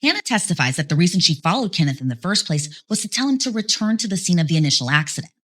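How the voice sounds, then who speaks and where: Brief: female true-crime narrator, scripted, lively pitch, quick pace.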